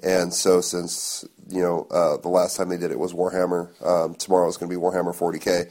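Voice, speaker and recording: Low-voiced dude hosting a podcast, laid back, swears casually. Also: male voice, little pitch movement, a little fast, darkish tone. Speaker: podcast host.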